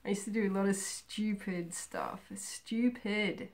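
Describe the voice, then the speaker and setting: A young woman chatting casually and rambling about herself in a home video, with many pauses and "um"s. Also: mid-range voice, steady tone, a little mellow. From Australia. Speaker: craft vlogger. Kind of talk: casual personal chat.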